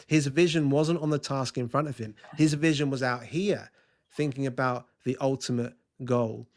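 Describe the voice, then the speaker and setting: A man talking as a guest on a podcast. He tells his stories eagerly in a mid-pitched voice, stumbling and restarting now and then as the ideas come to him. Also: normal speed, a little mellow. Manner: enthusiastic storytelling with frequent restarts. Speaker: guest culture consultant. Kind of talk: podcast interview.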